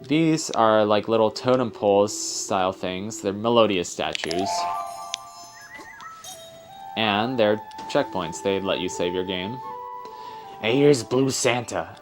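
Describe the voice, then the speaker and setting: A man's voice: on the low side, slow pace, over music. A young man hosting a let's play, giving casual, rambling commentary and correcting himself as he goes.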